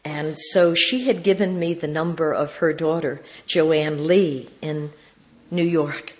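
A woman's voice: low-pitched, fairly even intonation, takes it slowly. A woman speaking at a recovery meeting, telling a personal story in a folksy, wry way and acting out the dialogue she recalls.

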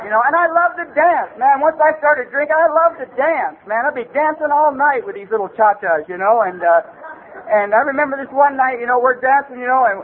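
A middle-aged man from the Los Angeles area telling a comic personal story at a recovery meeting, rambling loosely and dropping "man" and "you know" everywhere. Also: very high voice. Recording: tinny phone-like recording with faint hiss.

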